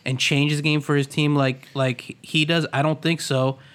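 A man's voice: a little high, level tone, normal speed, a bit bright, clear, resonant tone. A man co-hosting a podcast in casual, playful chat from the Philadelphia area, restarting sentences as he goes. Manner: playful, jokey, restarts often. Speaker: podcast co-host.

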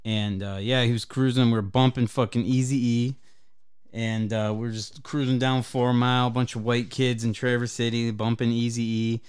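A man from Michigan spins a long, swearing road story on a podcast, rambling and casual. His voice is smooth and resonant at an everyday middle pitch. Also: little pitch movement, normal speed, darkish tone. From Michigan, USA. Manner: profane, rambling anecdote-telling. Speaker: podcast co-host.

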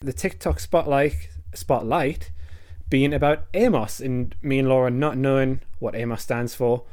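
A man's voice: mid-range voice, fairly even intonation, measured pace, darkish tone. A man co-hosting a podcast, recapping favourite episodes in an easygoing way with frequent ums. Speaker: podcast co-host.

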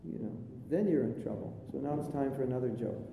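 Guy teaching a spiritual talk, storytelling n cracking jokes, dark mellow voice, boomy hall. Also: quick pace, vocal fry. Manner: chatty storytelling, jokey asides. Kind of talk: sermon with jokes. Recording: live recording, echoey hall, faint rumble.

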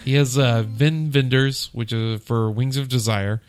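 A man's voice: mid-range voice, fairly even intonation, unhurried. A man co-hosting a podcast, chatting casually about films and often hunting for names. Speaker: podcast co-host.

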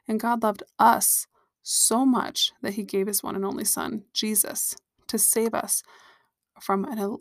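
A woman hosts a devotional podcast, speaking earnestly and personally to her listeners. Her voice sits at an ordinary middle pitch. The recording is dry and close, with no room echo. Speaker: Christian podcast host.

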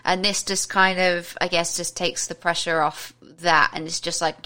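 A woman co-hosting a casual radio-style show, playful and teasing, quick to laugh. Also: lowish voice, flat delivery, pushed and bright. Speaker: podcast co-host.

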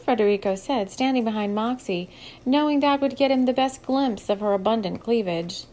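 A woman reading a novel aloud as an audiobook narrator, in a steady, measured storytelling voice. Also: fairly high pitch. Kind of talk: scripted narration.

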